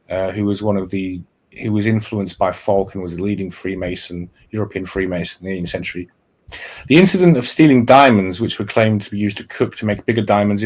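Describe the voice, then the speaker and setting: A man with a somewhat low voice hosts a podcast and retells a historical intrigue in a loose, casual way. He reads from notes and often breaks off to restart or fix a phrase before he carries on. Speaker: podcast host. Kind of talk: casual explanatory talk, reading from notes.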